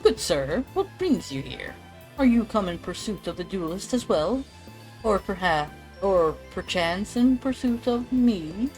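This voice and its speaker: A woman voicing a proud, theatrical gentleman inspector in a put-on British accent, with grand, flowery, old-fashioned speech. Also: medium pitch, very animated, a little slow, faint music behind, rough recording. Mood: courteous.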